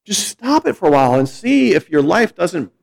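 A man's voice: high voice, sing-song, moderate pace, creaky. A middle-aged man, a pastor, preaching a sermon in a conversational, storytelling way with frequent restarts.

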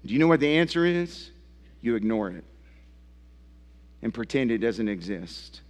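A man's voice: medium pitch, normal speed, big-room sound. A man preaching a sermon in a church as pastor, with impassioned rising and falling emphasis. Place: church sanctuary.

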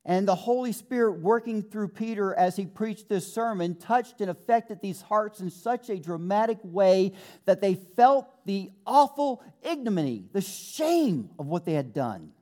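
Earnest preacher man, mellow voice. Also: on the high side. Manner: earnest, slows for quoted scripture, rises with fervor. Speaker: pastor. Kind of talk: sermon.

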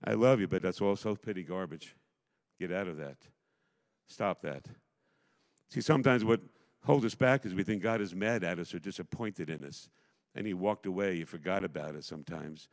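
A middle-aged man preaching a sermon as pastor, emphatic, swinging between loud declarations and hushed asides. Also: low-pitched, normal speed. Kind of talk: impassioned sermon. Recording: long hall reverb.

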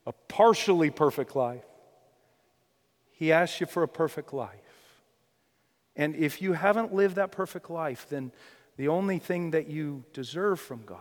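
High-voiced male preacher in an echoing hall. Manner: swings from loud crying out to hushed near-whisper; repeats phrases for emphasis, stammering restarts. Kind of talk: sermon. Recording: long reverb of a hall.

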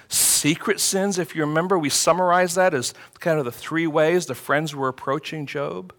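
A man delivers an expository sermon in a high voice. His tone is bright and ringing, and he presses hard on the scripture he reads aloud. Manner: expository preaching, emphatic when quoting scripture. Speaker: pastor.

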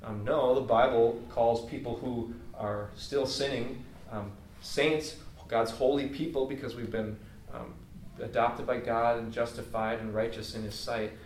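In an unhurried, fairly even mid-range voice, a man offers an earnest, conversational sermon, informal and full of fillers. The mic sits at a distance in an echoey room, and a little hiss or hum comes through.

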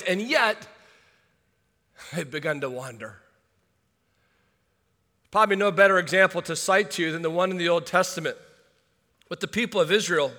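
A male pastor preaching a sermon, swinging from hushed asides to shouted urgency. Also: sits high. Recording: long hall reverb.

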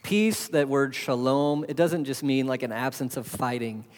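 Animated preacher man in a reverberant hall. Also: medium pitch, normal speed. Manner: animated preaching, rhetorical questions, swings loud to soft. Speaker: pastor. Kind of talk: sermon. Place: church hall.

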